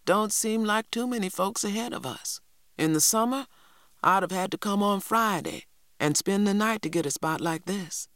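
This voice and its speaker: A woman reading aloud voices a stern elderly grandmother, gruff and firm. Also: normal speed, fairly bright tone, dry recording, studio quality, close to an everyday voice. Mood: matter-of-fact. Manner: gruff, scolding, low.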